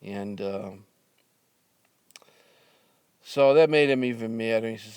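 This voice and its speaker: Slow, gravelly older man telling a story. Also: lowish voice, steady tone, a little mellow, no room sound. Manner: halting, many fillers and restarts, dry humor. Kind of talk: casual spoken storytelling.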